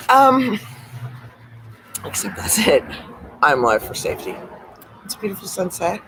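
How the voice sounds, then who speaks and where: A man's voice: high-pitched, wildly swooping pitch, unhurried, pauses often, a bit bright, a little hiss or hum, rough recording. A man live-streaming from a phone outdoors, rambling and swearing, often dropping into a mumbled whisper. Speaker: livestreamer. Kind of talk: casual live stream monologue. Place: outdoors on a street at sunset. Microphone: phone camera.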